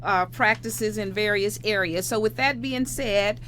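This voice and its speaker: A woman's voice: medium pitch, measured pace, fairly bright tone, slight background noise. A woman hosting a radio talk show, upbeat as she sums up points and wraps up the episode. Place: radio studio.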